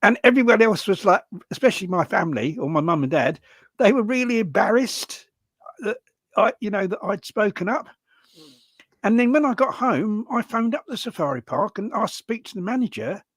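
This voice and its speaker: A man's voice: high-pitched, normal speed, breathy edge, no room sound. Older man telling stories animatedly. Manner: animated, lively storyteller. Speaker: guest. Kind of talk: casual storytelling conversation.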